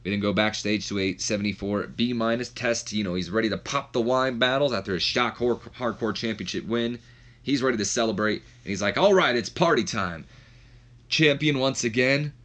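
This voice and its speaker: A man's voice: fairly low pitch, fairly quick, fairly bright tone. A man hosting a let's play, casually narrating and commenting in a rambling, self-deprecating way.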